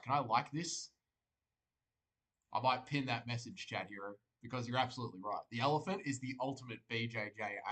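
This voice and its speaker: A man's voice: medium pitch, fairly bright tone, low-quality recording. An Australian man streaming live, joking, rambling and swearing as he reads viewer comments aloud. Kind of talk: casual livestream chat.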